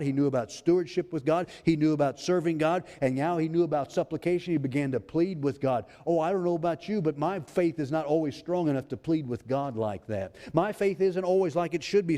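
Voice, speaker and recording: A pastor preaching a sermon, reading scripture aloud in a pleading preacher's cadence. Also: male voice, a little high, brisk, few pauses, mellow. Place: church sanctuary. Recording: long hall reverb.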